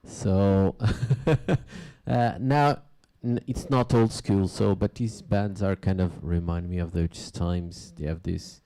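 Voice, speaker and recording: A man hosts a music show in a low, gravelly voice with a very dark, mellow tone. He chats loosely between tracks, stopping and restarting often and filling gaps with plenty of ums and uhs. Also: fairly even intonation. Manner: halting, loose talk with many fillers and restarts. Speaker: radio and podcast DJ host. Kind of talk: casual chat between tracks.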